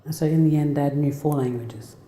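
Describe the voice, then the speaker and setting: A woman's voice: low-pitched, fairly quick, dark tone. A woman, giving a heartfelt, conversational talk as a guest speaker and telling personal stories with many restarts. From Australia. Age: 40s. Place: lecture hall. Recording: echoey lecture hall reverb.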